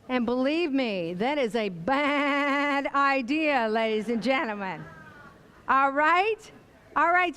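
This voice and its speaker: Woman keynote speaker, high voice, slow deliberate pacing, theatrical and emphatic. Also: a bit bright. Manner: theatrical, emphatic, engages audience with call-and-response. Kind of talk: motivational keynote speech.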